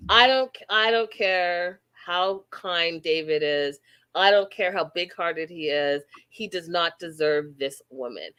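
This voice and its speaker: A woman from Canada hosting a casual reality TV recap, blunt and animated, acting out quotes. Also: on the low side, slow pace, smooth.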